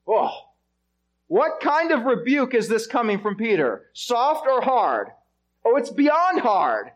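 A man's voice: extremely high pitch, big pitch swings, slow pace. A male pastor preaching an expository sermon, stressing his points and asking the congregation rhetorical questions.

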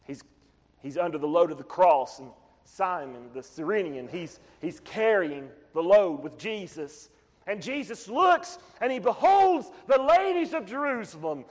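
A man preaching as a pastor, impassioned, breaking into shouts to drive points home. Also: high-pitched, sing-song, measured pace, long reverb tail. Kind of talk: sermon.

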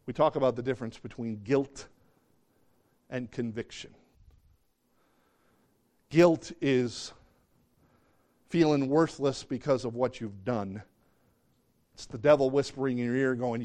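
A middle-aged male pastor preaching a sermon in an animated way, often acting out the voices of the people he quotes. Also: mid-range voice, a little slow, pauses often.

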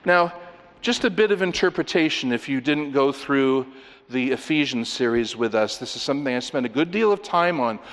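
A man's voice: mid-range voice, animated, moderate pace, a bit bright. Preaching man in a reverberant hall. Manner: emphatic preaching with rhetorical questions. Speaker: pastor. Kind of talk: sermon.

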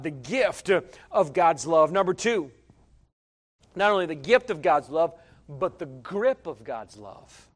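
A middle-aged man preaching a sermon as a pastor, swinging from loud, emphatic lines to quiet conversational asides, repeating phrases and stumbling over fillers. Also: fairly high pitch.

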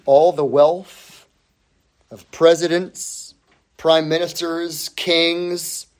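A pastor delivering a sermon to his church, a man speaking slowly and deliberately. He hammers home repeated phrases and lets his voice sink at the close of each line. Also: flat delivery. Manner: slow, emphatic preaching with repeated phrases and sweeping drops in pitch.

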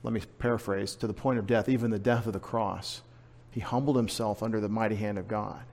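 A man's voice: fairly low pitch, fairly even intonation, a little fast, gravelly, a little mellow. A man preaching a sermon as pastor, conversational and emphatic, often asking the congregation questions.

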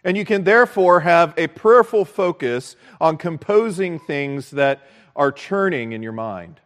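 A man preaching a sermon as pastor, earnest and measured, repeating key phrases for emphasis. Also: on the high side, lively intonation.

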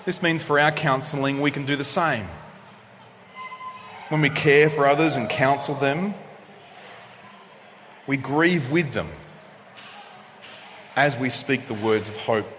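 A male pastor delivering a sermon, preaching expressively and swinging from loud passages to hushed ones. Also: medium pitch, slow, pauses often. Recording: long reverb of a hall, faint noise.

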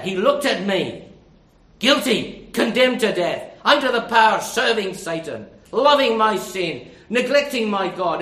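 A man's voice: high-pitched, fairly bright tone, echoey room. A man preaching a sermon, earnest and direct, asking his listeners rhetorical questions.

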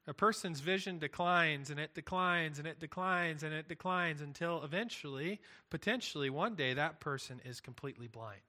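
A man's voice: fairly high pitch, sharp tone. A man preaching a sermon, earnest and emphatic, building points through repetition. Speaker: pastor.

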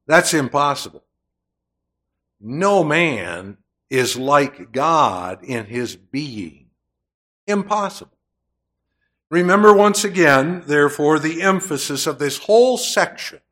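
A male preacher delivering a sermon in a slow, measured way, leaning hard on key phrases and letting them rise. His voice sits a little high for a man, and he takes his time between thoughts. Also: big pitch swings, a bit bright. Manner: slow, deliberate preaching with emphatic swells.

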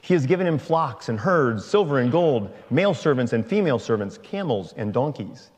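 A man reading a long scripture passage aloud in a slow, measured way. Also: mid-range voice, big pitch swings, a little mellow, big-room sound. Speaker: scripture reader.

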